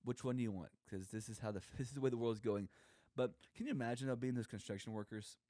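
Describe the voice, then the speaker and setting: A young man co-hosting a podcast, rambling through a comic story and slipping into quoted voices as he goes. His voice is mellow and warm, recorded dry and close. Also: mid-range voice, fast, dry recording. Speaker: podcast co-host. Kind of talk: casual comedic monologue.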